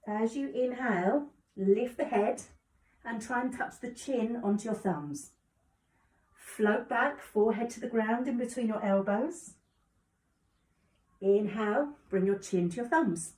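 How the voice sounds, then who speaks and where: A woman calmly guiding a yoga class with encouraging cues. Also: a little high, unhurried, long pauses. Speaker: yoga instructor. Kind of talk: guided exercise instruction. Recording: echoey room, distant mic.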